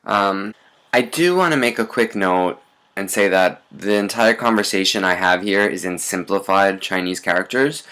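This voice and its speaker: A man's voice: low-pitched, normal speed, pushed and bright. A man teaching in a recorded lesson, explaining step by step and often checking in with "right?". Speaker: language teacher.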